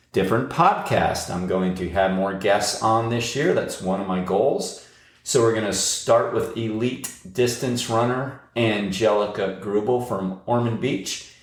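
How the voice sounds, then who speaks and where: A man's voice: medium pitch, roomy sound. A man hosting a podcast and interviewing a guest in a chatty, rambling way, with plenty of uhs. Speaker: podcast host and running coach.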